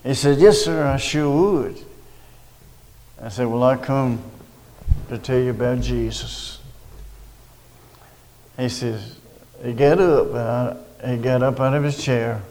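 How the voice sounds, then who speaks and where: An older man with a drawl tells a story slowly and unhurriedly. His voice is gravelly and creaky, and it sits at an ordinary pitch. He rambles and restarts as he goes, like someone giving a spoken testimony. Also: darkish tone, long reverb tail, a little hiss or hum, rough recording. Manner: rambling, halting, with restarts and asides. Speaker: storyteller recounting a personal witness.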